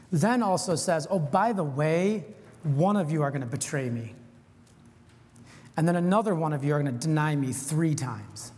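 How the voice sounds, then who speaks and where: Earnest conversational preacher in a reverberant hall. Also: medium pitch. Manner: earnest, informal, with frequent "like" asides. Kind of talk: conversational sermon.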